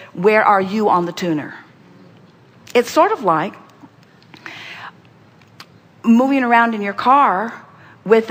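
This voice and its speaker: A woman giving an inspirational spiritual talk, speaking as "we" and addressing the listener directly, emphatic and repetitive, with sudden jumps in pitch and volume. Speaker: spiritual teacher channeling a group voice. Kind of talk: inspirational talk to a seminar guest.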